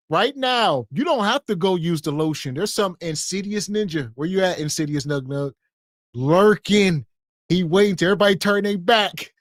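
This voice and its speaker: A man co-hosting a podcast, giving slow, preachy commentary on street interview clips. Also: high-pitched, fairly bright tone, no echo. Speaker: podcast co-host. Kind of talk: casual reaction commentary.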